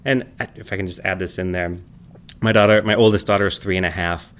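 A man in his thirties chatting casually and rambling, telling family stories with animated, high-pitched quoted voices. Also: fast, a little hiss or hum. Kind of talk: casual chat.

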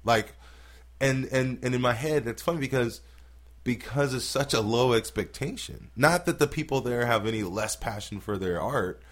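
A man's voice: medium pitch, normal speed. A man, a stand-up comedian, telling stories in casual podcast talk, swearing freely and acting out what people said. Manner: profane, animated storytelling with acted-out quotes.

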